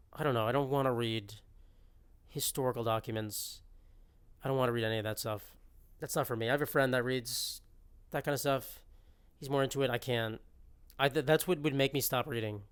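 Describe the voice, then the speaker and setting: Young male podcast host, smooth clear voice, rambling jokey solo monologue. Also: medium pitch. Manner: rambling, jokey, exaggerated rants.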